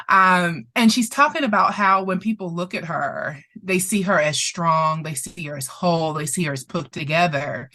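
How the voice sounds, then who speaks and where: A woman's voice: on the low side, expressive, normal speed, hardly any pauses, pushed and bright. A woman therapist presenting as a guest, telling a story expressively, laughing often and getting emotional. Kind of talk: animated storytelling in conversation.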